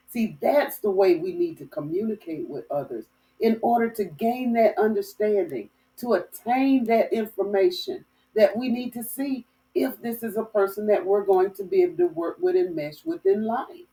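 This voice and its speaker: A woman from Florida telling a lively story as host of a dating advice talk, with folksy phrasing. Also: mid-range voice, normal speed, far from the mic, rough recording. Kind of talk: casual storytelling monologue.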